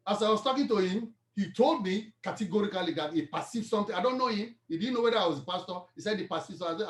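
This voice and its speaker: A man's voice: sits high, fairly quick. A man with a Nigerian accent, a pastor preaching a sermon, telling a story and then exhorting the congregation. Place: church hall. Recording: echoey church hall.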